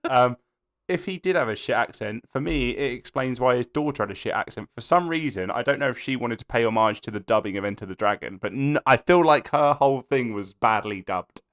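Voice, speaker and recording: Expressive young man chatting. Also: mid-range voice, brisk. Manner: expressive, swearing, laughs often. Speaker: podcast co-host. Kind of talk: casual film review chat.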